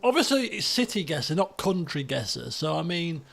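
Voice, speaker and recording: A man streaming a geography guessing game, chatty and excitable, swearing and breaking into shouts when frustrated. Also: a little high, moderate pace, gravelly, faint music behind. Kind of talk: casual live-stream commentary while playing a geography guessing game.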